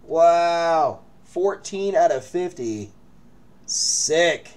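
Lively, hyped man hosting card breaks. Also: on the high side, extremely slow, clean tone. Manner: hyped, joking banter with viewers. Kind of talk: live card-break streaming chat. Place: break room indoors.

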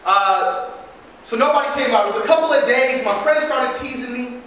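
Young guy pastor telling a story in church, high voice, super echoey hall, mic a bit far. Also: fairly quick, slight background noise. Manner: storytelling, lively, with many restarts. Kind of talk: sermon.

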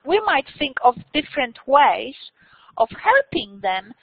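A woman university lecturer talking to her students in an informal, animated way, with many restarts and questions put to the class. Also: high-pitched, a little slow, husky, no room sound, dull audio.

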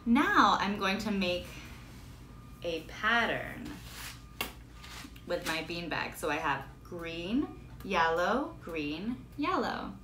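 A woman music teacher guides children through a clapping game, speaking slowly and clearly as she chants each word. Her voice sits low. The recording is echoey, with steady background noise. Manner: slow, clear instruction with chanted, clapped words.

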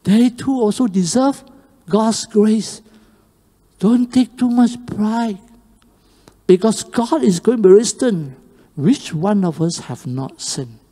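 A pastor preaching a sermon, telling the story with animated swings between loud and hushed. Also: mid-range voice, takes it slowly. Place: church sanctuary. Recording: long reverb of a church hall on a live stream.

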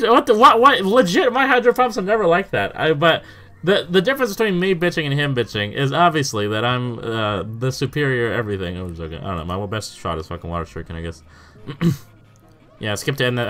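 A young man, a gaming YouTuber, curses his way through live, casual commentary over his gameplay. His medium-pitched voice sounds pushed and bright, and he swears often, stammers in bursts, and exclaims in disbelief.

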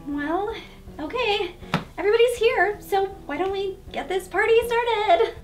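A woman's voice: extremely high pitch, a little slow, faint music behind. A woman playing a chatty young princess who bluntly asks her sister why she is acting strange. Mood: puzzled. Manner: blunt, quizzical. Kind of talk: comedy sketch acting.

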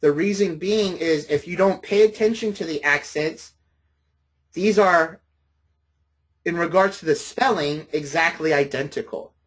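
A man's voice: on the high side, a little slow. A man lecturing a college class, patient and friendly, often checking in with his students.

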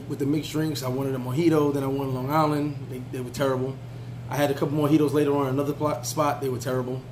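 A man's voice: medium pitch, a little hiss or hum, low-quality recording. A man telling a travel story in a casual, laid-back way, full of fillers and restarts. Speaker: travel vlogger.

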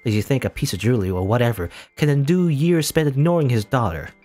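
A man's voice: mid-range voice, expressive, fast, a little mellow, faint music behind, close to an everyday voice. A man reading aloud as a bitter young woman who coldly rejects her father's gift in a game. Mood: contemptuous. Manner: cold, contemptuous.

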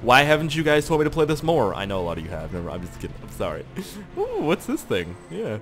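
A man giving casual gameplay commentary, excitable, swearing often and laughing at surprises. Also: mid-range voice, fast talker, music in the background. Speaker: gaming channel host.

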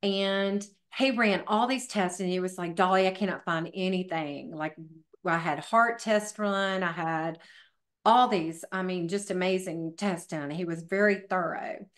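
A woman's voice: fairly low pitch, a little slow. A middle-aged woman, a fitness professional and podcast guest, telling her story in a chatty way with many fillers. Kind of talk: casual interview storytelling.

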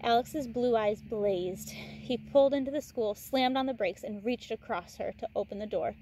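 A woman teacher reading a novel aloud in a relaxed way, breaking off for chatty asides to her listeners. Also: fairly high pitch, moderate pace, slight background noise.

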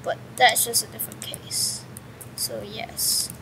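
High, bright-voiced excitable young woman gamer. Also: takes it slowly, in a whisper, rough recording. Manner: chatty and excitable, with sudden yelps and mild swearing. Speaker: gamer commentating her own play. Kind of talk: casual let's-play commentary. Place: at home with a pet dog nearby.

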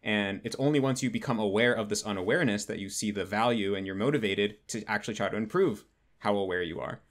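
A low-voiced man speaks quickly and fluently as an interview host. He answers his guest with articulate, reflective thoughts. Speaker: podcast host. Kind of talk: conversational interview.

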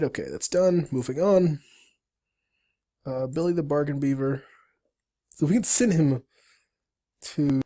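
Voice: medium pitch, warm tone. A player walking through a game tutorial, reading the on-screen story aloud with chatty asides. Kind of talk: let's-play narration, reading game text aloud.

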